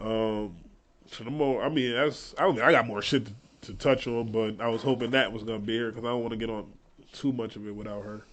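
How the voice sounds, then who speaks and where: A man chatting casually as a podcast co-host, telling stories in animated slang and repeating his phrases. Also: mid-range voice, fairly quick, slight background noise. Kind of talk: casual chat.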